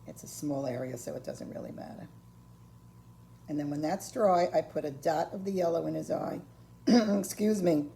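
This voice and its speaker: An older woman giving a patient, step-by-step ceramics painting lesson, filling pauses with ums and okays. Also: low-pitched, creaky, dark tone, slight background noise. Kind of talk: step-by-step craft tutorial.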